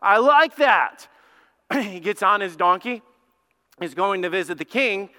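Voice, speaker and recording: A man's voice: high voice, moderate pace, bright, forceful tone. A male pastor preaching a sermon with energy and emphasis. He asks the congregation direct questions and builds to exclamations. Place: church sanctuary. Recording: echoey church hall.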